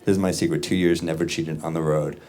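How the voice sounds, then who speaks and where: A man doing a stand-up comedy set on a club stage, dry and deadpan, with quick asides, recorded live. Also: sits low, heavy background noise. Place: comedy club stage before a laughing audience. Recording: live club recording, loud crowd laughter. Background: audience laughter and room ambience.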